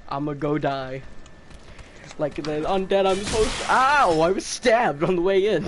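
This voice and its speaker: A man's voice: a little high, normal speed, background noise. A young man streaming a video game, joking and melodramatic, laughing often. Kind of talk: casual gaming stream banter. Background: game music.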